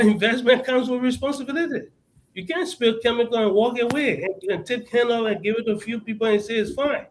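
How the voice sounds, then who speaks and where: Passionate high-voiced Liberian man. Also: slight background noise, poor audio. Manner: passionate, repeats words while searching. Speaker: guest advocate. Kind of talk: impassioned talk-show interview.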